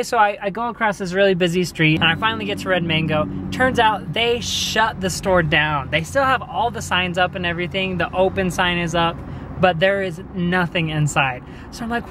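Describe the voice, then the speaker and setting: A young man vlogging outdoors on a handheld camera, telling stories in an animated, casual way with laughs. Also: high voice, poor audio. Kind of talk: casual vlog chat. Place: outdoors on a busy street. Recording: faint street noise outdoors.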